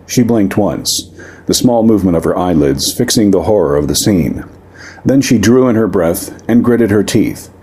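A man with a very deep, husky voice reads a story aloud. His delivery is measured but lively, with wide swings of pitch. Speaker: narrator. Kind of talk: scripted story narration.

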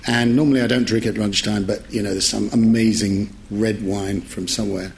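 A man's voice: fairly low pitch, steady tone, fairly quick, gravelly, a little hiss or hum. A middle-aged man, a journalist, telling a humorous anecdote in a chatty way, often correcting himself and laughing as he goes. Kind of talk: humorous anecdote told to listeners.

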